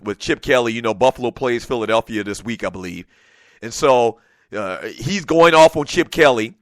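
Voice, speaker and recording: A man hosting a sports talk show in a studio, delivering a passionate, animated monologue that often escalates into shouting. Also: a little high, no echo. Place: radio studio.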